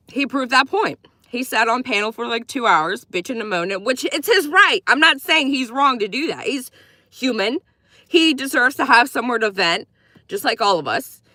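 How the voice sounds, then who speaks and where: A woman's voice: fairly high pitch, expressive, normal speed, no echo. A woman giving blunt, profane, opinionated commentary on a livestream, thanking viewers as she goes. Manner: reacts warmly to viewer gifts.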